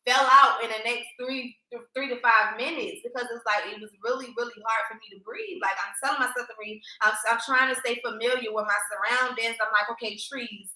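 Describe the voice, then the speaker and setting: Animated woman, bright echoey voice. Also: a little high, fairly quick, few pauses. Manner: animated, emphatic, addresses listeners as y'all. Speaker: podcast co-host. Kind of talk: casual chat, personal storytelling. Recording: echoey room.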